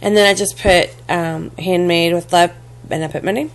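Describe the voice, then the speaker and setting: A woman casually showing a handmade craft box and mini album to the camera, halting often with fillers and restarts and apologizing as she handles things. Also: on the low side, fairly even intonation. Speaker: crafting vlogger. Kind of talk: casual show-and-tell craft demo.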